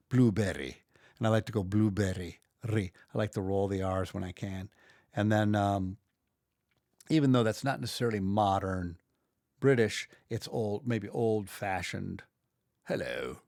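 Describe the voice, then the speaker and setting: An American audiobook narrator and video creator walks through his computer work in a casual screen recording, rambling, thinking aloud and restarting sentences. His voice is fairly low and darkish, captured cleanly in a studio with no room sound.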